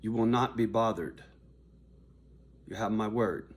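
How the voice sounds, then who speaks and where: An older man vlogging to his viewers in a confrontational, profane rant, dropping to low mutters and then rising to raised shouting. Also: a little slow. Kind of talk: angry direct-to-camera rant.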